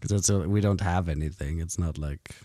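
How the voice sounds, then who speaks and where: A man's voice: low-pitched, brisk, mellow. A man playing a tabletop game, making joking asides in casual chat. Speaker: player.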